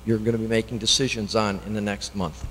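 A man, an elected official, giving public comment at a town hearing, earnest and halting, often restarting his sentences. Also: on the low side, flat delivery, fairly bright tone, slight background noise. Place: town meeting hall. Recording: long reverb in a meeting hall.

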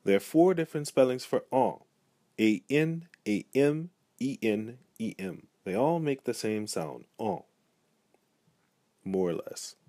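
A man's voice: mid-range voice, big pitch swings, a little slow, creaky, warm tone, no echo, clean studio sound. A man giving a pronunciation lesson, speaking patiently and repeating each example word. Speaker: language teacher. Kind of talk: pronunciation tutorial.

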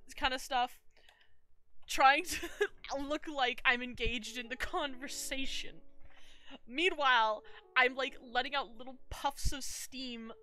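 A woman streamer tells a story in loose, animated chat, restarting her sentences and filling gaps with "like" and "um." Her voice sits a bit high and sounds bright and forward. Soft music plays faintly underneath. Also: a little slow. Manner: animated, rambling, lots of fillers and self-corrections.

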